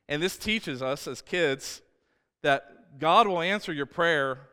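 Bright-voiced man preaching a sermon. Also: mid-range voice, a little fast, clean tone. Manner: storytelling, animated with many restarts. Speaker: pastor. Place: church sanctuary. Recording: church hall with long reverb.

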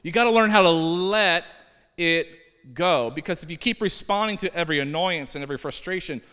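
A male pastor preaching in a big church hall, easygoing and joking with the congregation. His voice is fairly high and bright, with a forceful edge, and a long reverb hangs after each phrase. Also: a little fast, clear, resonant tone. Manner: conversational, joking, animated. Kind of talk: sermon.

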